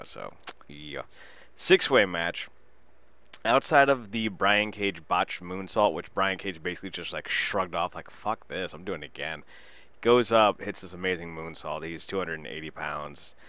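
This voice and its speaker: A deep-voiced man hosts a wrestling podcast, doing a casual solo review. He rambles excitedly and swears freely.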